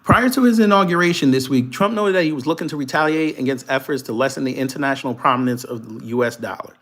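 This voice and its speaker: On a live commentary stream, the male host reads a news article aloud and fires back at people in chat. He has a mid-range voice and talks fast, animated and profane, laughing often.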